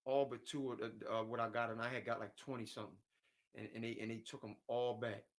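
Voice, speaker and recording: A man's voice: medium pitch, little pitch movement, fast. Man, livestream host, rambling and repetitive, fed-up tone, reads chat aloud, casual talk.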